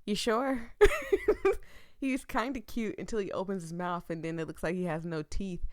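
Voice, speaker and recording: A woman's voice: lowish voice, animated, normal speed, darkish tone, no echo, clean studio sound. A woman gaming YouTuber giving casual let's-play commentary, playful and rambling, often breaking into laughter.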